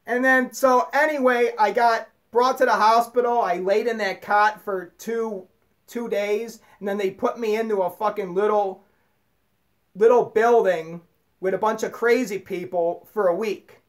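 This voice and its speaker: A man's voice: high voice, fairly even intonation, a little slow. A man in an angry unscripted monologue, swearing constantly and stumbling over repeated words as he rants. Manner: profane, stammering ranting. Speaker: vlogger.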